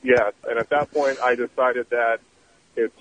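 A man calling in to a radio show, a private investigator telling a story in a halting way with many fillers. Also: mid-range voice, fairly even intonation, a bit bright. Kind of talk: phone-in storytelling. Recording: tinny phone line with faint noise.

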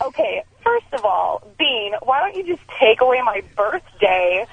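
A woman's voice: a little high, big pitch swings, measured pace, gravelly, slight background noise. A woman calling in to a radio show, telling a story hesitantly with many fillers. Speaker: caller. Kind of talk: phone-in chat. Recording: muffled phone line.

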